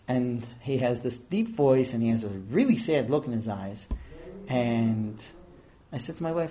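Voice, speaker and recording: A man in his thirties teaching an informal religious class, telling stories with quick asides and many Hebrew terms. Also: medium pitch, lively intonation, a little mellow.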